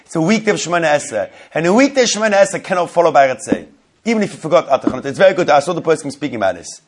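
A man in a rapid, somewhat high-pitched voice teaches a religious law class. He repeats his key points and keeps quizzing his listeners. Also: very animated. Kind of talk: Talmudic law lesson to a live group.

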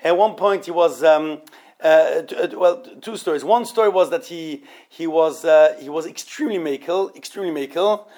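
A man teaching an informal Torah study class, halting and often repeating words as he explains. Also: a little high, darkish tone.

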